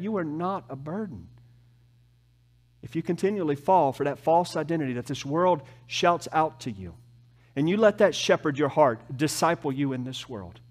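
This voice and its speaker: A preacher swinging between loud and hushed. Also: male voice, fairly high pitch, animated. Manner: preaching with wide swings from emphatic rises to soft, slow drops. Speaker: pastor. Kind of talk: sermon. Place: church.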